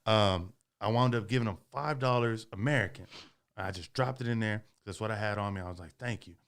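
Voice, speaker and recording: A man casually telling a long, profane story on a podcast, animated and swearing often. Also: lowish voice, a little fast, clean tone.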